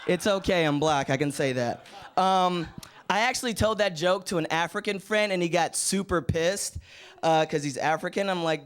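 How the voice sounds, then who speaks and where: A man's voice: high voice, moderate pace, clean tone. A man doing a stand-up comedy set in an offhand way, with fillers and trailing asides. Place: comedy stage before a live studio audience.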